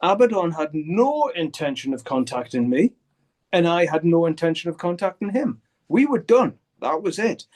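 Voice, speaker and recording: An older man with a fairly high speaking voice, talking over a video call. He tells his story bluntly and swears freely, acting out the lines of the people in it. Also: animated, moderate pace, a little mellow. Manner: blunt, swears often, acts out quoted dialogue. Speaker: guitarist interviewee. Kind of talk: candid storytelling interview.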